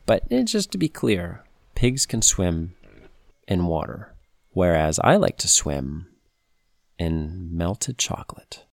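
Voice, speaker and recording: A man's voice: deep voice, very animated, slow, creaky, a little hiss or hum. A man hosting a playful animal-facts podcast for kids, chatty and goofy, full of puns and silly asides. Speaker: podcast host.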